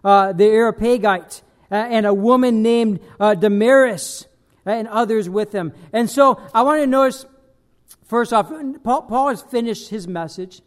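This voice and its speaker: A man preaching a sermon as pastor, emphatic, swinging between loud bursts and quiet dropped lines. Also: sits high, measured pace.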